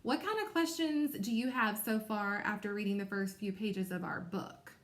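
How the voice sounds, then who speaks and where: A woman teacher giving a recorded reading lesson to young children, explaining clearly and encouragingly. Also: medium pitch, normal speed, fairly bright tone, reverberant.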